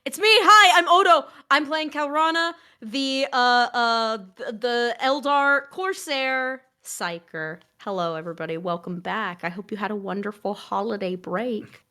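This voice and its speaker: A woman introducing herself as a player, cheerful and warm. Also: on the high side, unhurried, few pauses. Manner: cheerful, laughing. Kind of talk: casual chat.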